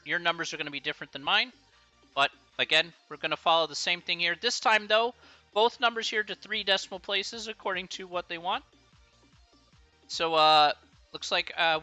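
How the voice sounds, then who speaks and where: A man's voice: on the high side, bright, forceful tone. A man from the United States tutoring math on a live stream, chatty and encouraging, laughing often. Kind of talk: casual livestream tutoring chat.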